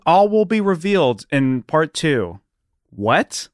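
Goofy male co-host, smooth clear voice, dry close sound. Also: on the high side, very animated, slow pace, no echo. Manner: goofy, reads out what he types. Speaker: podcast co-host. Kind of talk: comedic banter.

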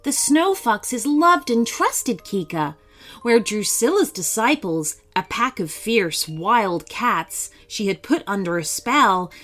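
A woman reads a bedtime story aloud at a slow, unhurried pace, her voice rising and falling with lively expression. Soft music plays faintly behind her. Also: medium pitch. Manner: slow, expressive, dramatic reading. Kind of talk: children's story narration.

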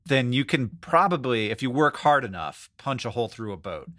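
A man co-hosting a podcast in casual, animated chat, often breaking into laughter. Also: mid-range voice, moderate pace, dry recording, clean studio sound. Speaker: podcast co-host.

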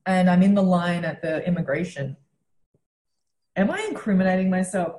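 Australian woman, young adult, comedian, animated storyteller, lowish voice, roomy echo. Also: moderate pace. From Western Australia. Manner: animated, swears freely, acts out quotes. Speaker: comedian guest. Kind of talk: casual storytelling.

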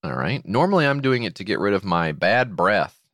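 A man's voice: fairly low pitch, sing-song, moderate pace, fairly bright tone, no echo, clean studio sound. A man co-hosting a casual comedy podcast, adding wry, sarcastic asides and commentary. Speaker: podcast co-host.

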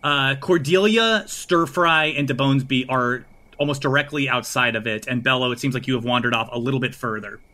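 A man running a tabletop game as game master, theatrical and prone to sudden loud outbursts. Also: medium pitch, a little fast. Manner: theatrical, swings from calm to shouting.

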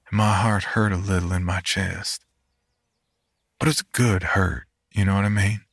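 A man narrating a first-person horror story in a reflective, measured way. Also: low voice, no echo, clean studio sound.

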